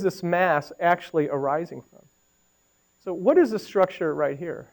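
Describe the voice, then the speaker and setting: A man's voice: fairly high pitch, measured pace, low-quality recording. A middle-aged man giving a radiology lecture, conversational and walking through the images, with anecdotes and questions to the audience. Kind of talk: medical lecture.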